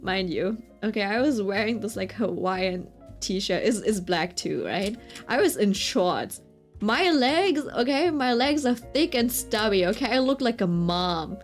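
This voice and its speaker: A young woman telling a chatty, animated story to her stream audience, often checking in with her listeners. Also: medium pitch, measured pace, faint music behind. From Britain. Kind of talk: casual storytelling chat.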